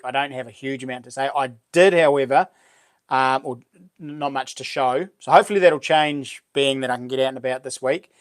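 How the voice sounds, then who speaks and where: A middle-aged man with a New Zealand accent hosting a casual live stream, greeting viewers by name in a chatty way. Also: on the high side. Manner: chatty, reads out viewer names and greets them warmly. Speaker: livestream host.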